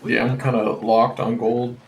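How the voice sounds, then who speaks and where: A man's voice: mid-range voice, flat delivery, unhurried, distant mic, rough recording. A man playing as a teammate in a strategy game, chatting casually and laid-back. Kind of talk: casual gaming chat.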